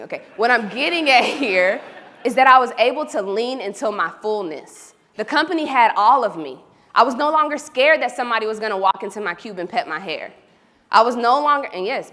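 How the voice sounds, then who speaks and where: Woman, lively keynote storyteller, forceful bright voice, hall echo. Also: mid-range voice. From Oklahoma. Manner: animated, storytelling, talks to the audience directly. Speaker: keynote speaker. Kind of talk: motivational keynote speech. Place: large hall. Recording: reverberant event hall.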